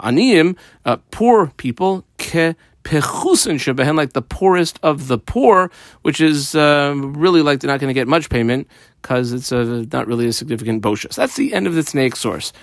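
A man's voice: a little high, no room sound, clean studio sound. A man teaching a Talmud page in a methodical way, reading each phrase aloud and then explaining it. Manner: methodical, reads Hebrew and Aramaic then translates. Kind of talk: explaining a text with a page guide.

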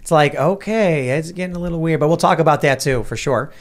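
A man's voice: fairly high pitch, fairly quick. A man hosting a podcast, talking in an upbeat, enthusiastic way. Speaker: podcast host. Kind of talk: casual podcast talk.

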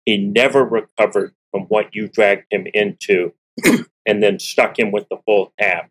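Throat-clearing man, low earnest voice. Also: steady tone, a little slow, a bit bright, low-quality recording. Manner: clears his throat often; earnest, candid, with restarts and repeats. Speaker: interview guest, author. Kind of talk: personal storytelling in conversation.

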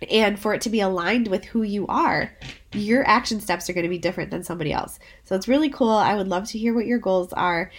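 A woman hosting a solo podcast, talking in an encouraging, chatty way while her voice is worn from being sick. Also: medium pitch. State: sick, voice under the weather. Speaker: podcast host.

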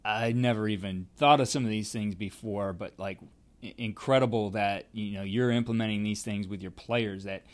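A man's voice: on the low side, fairly even intonation, normal speed. A man hosting a podcast, talking in a loose, conversational way. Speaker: podcast host. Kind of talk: casual interview chat.

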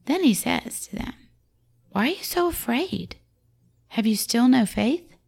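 A woman's voice: fairly high pitch, expressive, a little slow, gravelly, darkish tone, breathy edge. A woman, around her forties, giving a conversational devotional talk to mothers on a scripture story, acting out the quoted lines with feeling. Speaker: Christian speaker to mothers.

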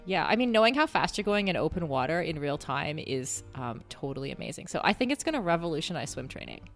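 A woman's voice: deep voice, sing-song, quick pace, soft background music. A woman hosting a sports podcast, introducing segments and bantering playfully with lots of giggles. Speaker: podcast host. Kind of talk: casual chat.

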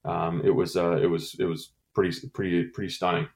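A middle-aged man recounting a painful memory in an interview, halting with many fillers and restarts, emotional. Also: low voice, level tone, creaky, darkish tone. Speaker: former intelligence station chief. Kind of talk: interview, personal recollection.

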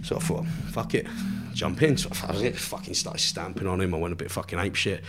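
A man's voice: low voice, fairly quick, over loud music. A man, a podcast guest telling a story in casual chat, swearing constantly and laughing along with his own tale.

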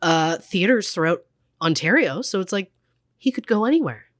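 A woman's voice: on the low side, expressive, normal speed, dry recording, clean studio sound. Chatty woman podcast co-host. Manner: chatty, lots of fillers and acted-out quotes. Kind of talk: casual true crime chat.

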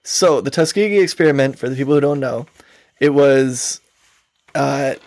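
A man's voice: medium pitch, moderate pace, a little mellow, no echo. A man co-hosting a podcast, rambling through casual talk with frequent swearing and laughter. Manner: rambling, profane, laughs often. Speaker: podcast co-host.

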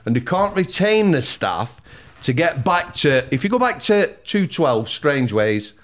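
Measured man. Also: fairly high pitch, sing-song, fairly bright tone. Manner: measured, repeats himself while finding words. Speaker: former prison officer, guest. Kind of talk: conversational discussion.

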